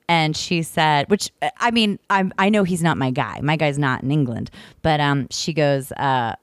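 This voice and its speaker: A woman with a low voice tells a long story to her co-host. She rambles and restarts, piling up fillers as she goes, and she is recorded close and dry. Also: moderate pace, clear, resonant tone, dry recording. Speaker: podcast host. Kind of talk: casual chat. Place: in the UK, visiting family.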